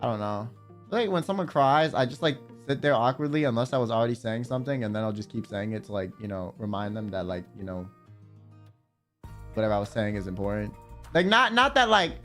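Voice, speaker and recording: A man's voice: mid-range voice, very animated, fast, a bit bright, soft background music. A man streaming and chatting casually, rambling with lots of fillers and swearing. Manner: rambling, profane, trails off with fillers. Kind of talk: casual livestream chat.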